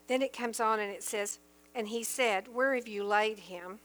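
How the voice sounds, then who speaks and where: Earnest high-voiced woman teaching scripture. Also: moderate pace, fairly bright tone. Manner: earnest and emphatic, reads scripture aloud then explains it. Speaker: Bible teacher. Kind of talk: sermon-style Bible teaching.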